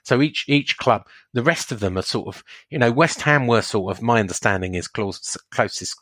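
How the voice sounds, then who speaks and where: A man's voice: mid-range voice, lively intonation, moderate pace, a bit bright, no room sound. A man co-hosting a podcast, chatting and explaining with restarts. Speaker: podcast co-host. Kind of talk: casual chat.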